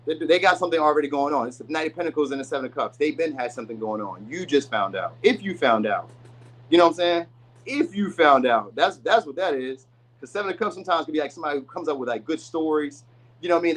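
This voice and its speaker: In a rough recording, a man with a fairly high, slightly bright voice reads tarot casually to camera. His delivery rambles, with lots of chatty side comments. He occasionally plays the characters he describes, voicing them as he goes.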